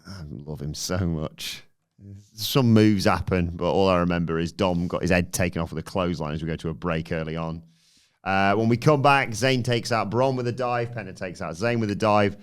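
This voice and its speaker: A man co-hosting a podcast, recapping a wrestling show in casual chat and acting out quotes in animated voices. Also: normal speed, clean tone. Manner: animated, acts out quotes in high put-on voices. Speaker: podcast co-host.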